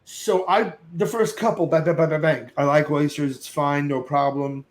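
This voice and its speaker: A middle-aged man, a podcast guest, telling a lively anecdote, acting out other voices and cursing casually. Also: fairly high pitch, moderate pace, rough recording. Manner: lively storyteller who acts out other voices and sings snatches; curses casually. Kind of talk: animated storytelling.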